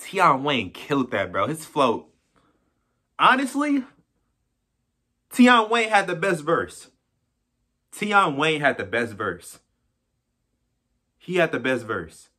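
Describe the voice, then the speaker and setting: A man hosting a music reaction, talking fast and excited in slang and repeating his points over and over. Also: medium pitch. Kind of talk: hyped reaction commentary. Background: faint hip hop track playing.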